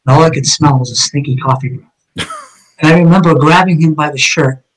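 A man's voice: on the high side, fairly quick, rough recording. A man, a police officer, telling his own story in a conversation, blunt and emphatic with heavy cursing.

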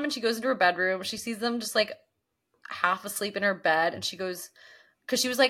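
A woman's voice: medium pitch, fairly quick, bright, forceful tone. A woman co-hosting a podcast, chatting casually and animatedly acting out characters' lines as she recaps an episode. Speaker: podcast co-host.

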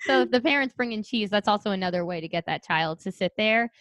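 A young adult woman, a speech therapist co-hosting a podcast, chatting casually and quickly with many "like" fillers. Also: mid-range voice, lively intonation, a bit bright, no echo, studio quality.

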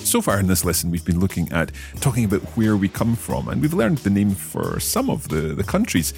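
Low-voiced male language podcast host. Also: sing-song, vocal fry, music in the background. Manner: slow, careful learner repetitions.

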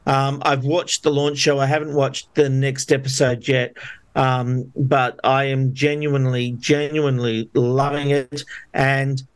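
A man hosting a podcast in casual chat, chatty and quick to laugh. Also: mid-range voice, flat delivery, clean tone. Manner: chatty, laughs easily, restarts often. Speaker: podcast host.

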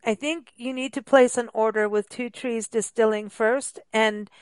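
A woman's voice: a little high, steady tone, measured pace, dry recording. A woman hosting a radio talk show, chatting enthusiastically with her guests and exclaiming often. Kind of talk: casual chat.

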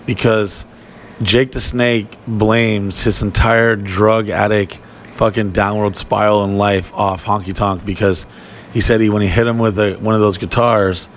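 A man telling long, profane stories in casual podcast chat, rambling and animated. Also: on the low side, a little slow, a little hiss or hum.

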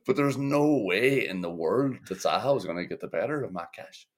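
A man's voice: lowish voice, expressive, normal speed. A man co-hosting a football podcast, chatting bluntly with swearing and laughs. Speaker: podcast co-host. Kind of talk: casual football chat.

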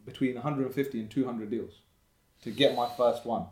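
A man speaks as a podcast guest in an upbeat, motivational tone. His voice sits at an ordinary pitch for a man. The room is echoey around him. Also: fairly even intonation, brisk, darkish tone. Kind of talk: casual podcast chat.

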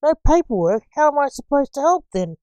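A woman's voice: fairly high pitch, expressive, measured pace, mellow, no echo, pitched above the performer's own voice. A woman voicing a snappy, grumbling old coroner. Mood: irritated. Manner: snappy, moaning complaints. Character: impatient grumpy older male coroner.

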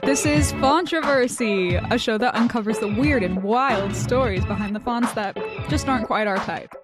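A woman's voice: fairly high pitch, normal speed, loud music behind the voice. A young adult woman hosting a podcast in casual chat, giggly and rambling with lots of "like," on a studio mic. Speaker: podcast host.

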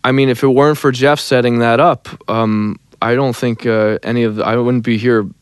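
A young man, a songwriter, telling the story of his career as an interview guest in a casual, animated way. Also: medium pitch, moderate pace, smooth, no room sound, studio quality. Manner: animated, imitates others' voices in his stories.

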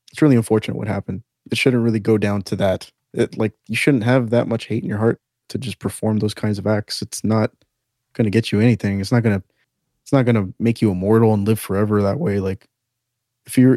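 A low-voiced man on a podcast, talking earnestly and thinking out loud. The recording is close and dry, with no room sound. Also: no room sound. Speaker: podcast co-host. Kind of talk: casual podcast chat.

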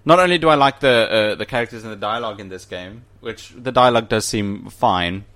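A man's voice: on the low side, fairly quick, a bit bright. A man co-hosting a casual podcast, enthusiastic, often restarting his sentences. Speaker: podcast co-host. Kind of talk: casual chat.

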